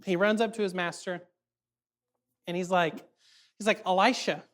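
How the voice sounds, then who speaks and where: A man giving a casual youth sermon, animated and chatty, full of fillers and quick check-ins with his audience. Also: high voice. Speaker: youth ministry speaker.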